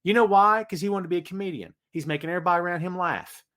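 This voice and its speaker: A man with a high voice talks very fast while hosting a solo wrestling podcast live. Energetic and ranting, he pumps up his predictions and reads comments from the chat.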